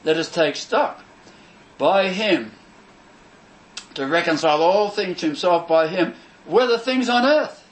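A man preaching a sermon, emphatic and declamatory, repeating phrases for stress and pausing between them. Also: high voice, poor audio. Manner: measured, declamatory delivery with pauses between phrases.

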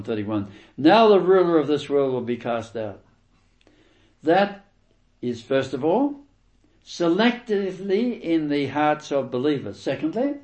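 A man preaches through scripture, reading verses aloud and commenting on them. His medium-pitched voice is reverberant, and he emphasizes key words by repeating them, with sudden loud stresses.

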